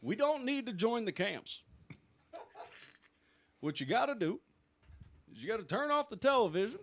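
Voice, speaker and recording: A mock-solemn presidential speech, put on by a man that keeps breaking into giggles. The voice sits a touch high and swings around in pitch. The pace is halting, with fillers between phrases. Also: big pitch swings, fairly bright tone, exaggerated voice. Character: impression of a former male US president giving a speech.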